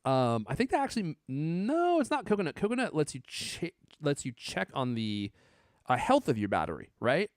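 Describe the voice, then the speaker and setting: A man's voice: on the high side, huge pitch swings, moderate pace, dry recording, studio quality. A man in his thirties co-hosting a podcast, joking and teasing his co-host in casual chat. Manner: playful, teasing, laughs often.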